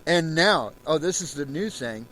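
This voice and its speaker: A man with a fairly high voice delivers a furious, swear-laden rant on his own show. He swings from low grumbling to shouting. A faint hiss sits under the recording. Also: lively intonation, moderate pace, rough recording. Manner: angry, profane, shouts at times. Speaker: podcast host. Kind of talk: solo rant.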